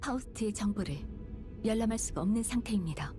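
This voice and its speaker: A woman plays a composed young woman in a video game, cool, precise and formal, who talks quickly in clipped lines. Game music plays clearly under her voice. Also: medium pitch, expressive, close to an everyday voice.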